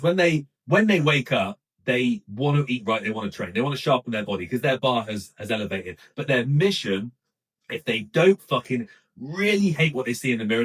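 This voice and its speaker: A man delivers a blunt motivational talk to camera, swearing freely as he pushes other men. His voice is slightly husky and sits at a middle pitch. The mic is set some distance from him. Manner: blunt, forceful, heavy swearing. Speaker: men's coach.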